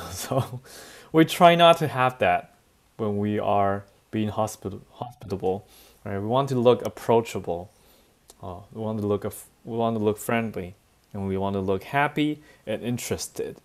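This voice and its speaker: A man teaching a class, telling anecdotes in an animated way and mixing in English. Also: on the low side, a little slow. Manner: animated storytelling, switching between languages, frequent laughs and fillers. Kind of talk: bilingual classroom lecture with anecdotes.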